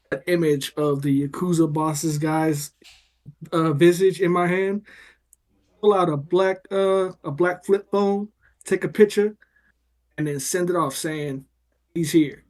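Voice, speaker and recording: A man playing a tabletop game, telling his turn in an animated, joking way. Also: fairly high pitch, measured pace. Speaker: player. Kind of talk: casual tabletop play.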